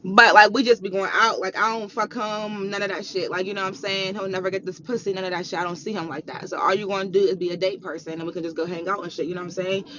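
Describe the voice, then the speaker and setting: A woman's voice: medium pitch, steady tone, quick pace, hardly any pauses, pushed and bright, slight background noise. A young woman telling a personal story as a heated, profane rant, repeating herself for emphasis. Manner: profane, heated, repetitive ranting. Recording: dull lo-fi recording.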